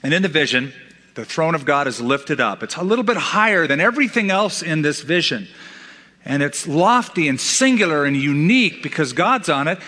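A man's voice: on the high side, lively intonation, normal speed, sharp tone, long reverb tail. A middle-aged man preaching a sermon as pastor, emphatic, with dramatic repetitions.

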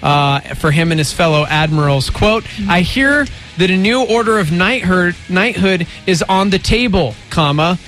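A man's voice: sits high, lively intonation, moderate pace, few pauses, a bit bright. Guy cohosting a chat show, teasing and playful, faint music behind. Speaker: co-host. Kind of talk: casual chat.

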